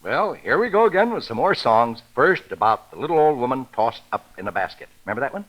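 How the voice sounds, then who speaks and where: A man's voice: mid-range voice, sing-song, quick pace, fairly bright tone, rough recording. Chuckling man singing nursery songs. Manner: cheerful, chuckling, coaxing sing-along. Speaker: children's entertainer. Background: instrumental music.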